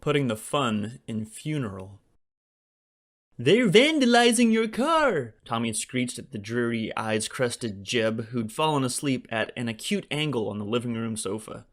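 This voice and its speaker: A man, the author, narrating his own comic novel as an audiobook in a wry, deadpan delivery. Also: medium pitch, normal speed, hardly any pauses.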